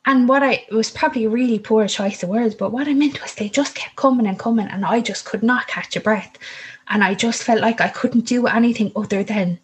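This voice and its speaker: A woman's voice: a little high, brisk, husky, rough recording. A young woman candidly telling her own birth story in casual talk, rambling and correcting herself as she goes. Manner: candid, rambling, self-interrupting, with laughs and swearing.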